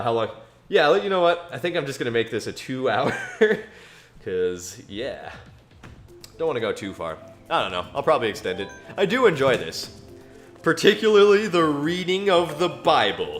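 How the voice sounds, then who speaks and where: A man's voice: medium pitch, a bit bright. A man streaming a racing game, chatting jokily and breaking into mock-archaic phrasing and scripture reading. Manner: playful, jokey, slips into mock-archaic phrasing. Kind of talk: casual gameplay stream chat with scripture reading.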